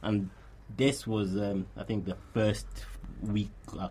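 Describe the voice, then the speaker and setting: A man from Africa, a guest on a radio show, telling animated stories in casual chat with frequent laughs. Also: on the low side, takes it slowly, a little hiss or hum. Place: radio studio.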